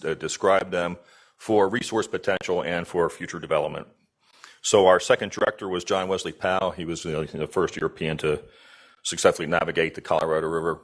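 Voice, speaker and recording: A middle-aged man with a very low voice delivers a conference keynote. He talks in a folksy, halting way, restarting phrases and slipping in jokes. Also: a bit bright. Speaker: keynote speaker, agency deputy director.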